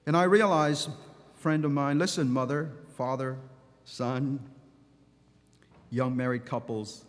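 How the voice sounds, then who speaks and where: A man with a mid-range, steady voice preaches a passionate sermon slowly, repeating phrases and restarting as he goes. He speaks in a large church hall, and the recording carries its long reverb.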